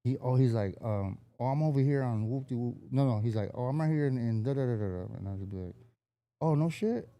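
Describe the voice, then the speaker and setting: A man from Southern California, a rapper guest telling stories in casual chat, animated and slangy, jumping up in pitch to act out quotes. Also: fast, hardly any pauses.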